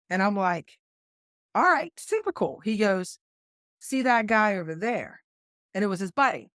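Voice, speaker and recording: A middle-aged woman with a West Virginia accent, a combat flight nurse, tells a story as a podcast guest in conversational storytelling. Her mid-range voice is animated, and she acts out what others said by quoting them in lively voices. The sound is clean studio audio with no echo.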